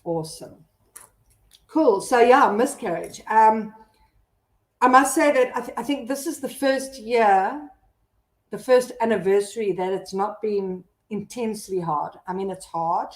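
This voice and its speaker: Candid South African mom blogger, roomy sound. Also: female voice, medium pitch, unhurried. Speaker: mom blogger hosting a live stream. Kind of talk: casual live-stream chat, reading comments aloud. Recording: roomy echo.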